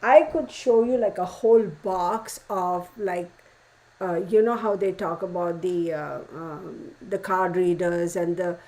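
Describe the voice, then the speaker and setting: A woman's voice: lowish voice, fairly even intonation, unhurried, darkish tone, poor audio. A woman hosting a live stream, talking casually to her viewers in a frustrated, rambling way with many restarts and lots of "y'all.". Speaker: tarot channel host greeting live chat viewers. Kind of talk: casual livestream chat.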